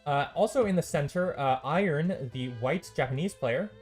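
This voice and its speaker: A man's voice: fairly high pitch, expressive, moderate pace, a little mellow, soft background music. A man hosting a live stream and casting a strategy game tournament on his own. He talks loosely and chattily, with many ums and uhs and the odd dry, sarcastic aside. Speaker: esports caster and stream host. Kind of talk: solo live game commentary.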